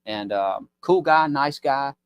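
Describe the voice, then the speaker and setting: This Mississippi business owner speaks slowly and expressively in a clean, medium-pitched voice while guesting on a podcast. His casual storytelling rambles in a folksy way, complete with impressions of the characters' voices.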